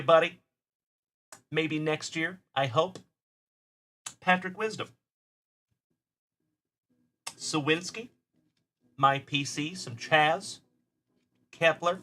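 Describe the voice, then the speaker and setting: Upbeat, bright-voiced man hosting a livestream. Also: fairly high pitch. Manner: upbeat and friendly, calling viewers buddy and brother. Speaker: host of a card-breaking livestream. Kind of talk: live stream chat, reading viewer comments.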